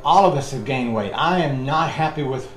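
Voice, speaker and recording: A middle-aged fitness instructor leads a workout class, rambling and counting reps as he chats. His mid-range voice moves at a moderate pace over faint music, in an echoey room with background noise.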